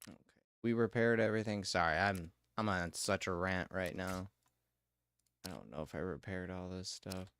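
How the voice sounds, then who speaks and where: A deep male voice with a fairly bright, clean tone belongs to a livestreamer chatting casually during a live game. He keeps ranting and swearing, punctuated by quick laughs.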